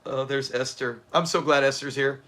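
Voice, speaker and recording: A man's voice: mid-range voice, steady tone, moderate pace, bright, forceful tone. A man hosting a livestream watch party, chatting casually, answering viewers and laughing often. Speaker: livestream host.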